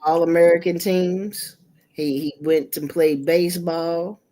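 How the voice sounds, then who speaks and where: Animated, profane middle-aged woman storyteller. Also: on the low side, measured pace. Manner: animated, profane, jumps into quoted voices. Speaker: livestream host. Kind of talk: casual storytelling chat. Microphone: streaming setup mic.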